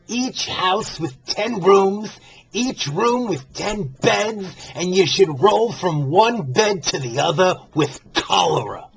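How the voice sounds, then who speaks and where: A man's voice: high-pitched, gravelly, husky, heavily acted. A man voicing a brassy, gossipy older Jewish woman who hosts a comedy show, talking in a flamboyant, theatrical way. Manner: flamboyant, theatrical, keeps gushing "fabulous". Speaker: host of a comedy show segment. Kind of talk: comedic character monologue.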